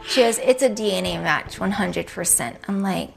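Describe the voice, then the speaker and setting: Young woman retelling things in an interview, acts out the lines, gravelly. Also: medium pitch, takes it slowly, music in the background. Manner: animated, acts out quoted dialogue.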